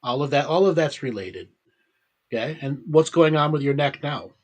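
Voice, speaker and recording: A man's voice: a little high, expressive, moderate pace. Man coaching with repeated "okay?". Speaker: host and healer. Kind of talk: casual chat.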